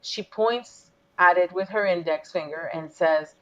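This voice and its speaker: A woman's voice: fairly low pitch, unhurried, muffled recording. A woman business coach, a guest in an interview, telling a personal story with feeling and acting out the dialogue she quotes.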